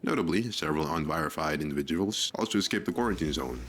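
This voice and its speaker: A man's voice: very deep voice, animated, fast, slight background noise. A man voicing a stiff male news announcer with a formal, read-aloud delivery.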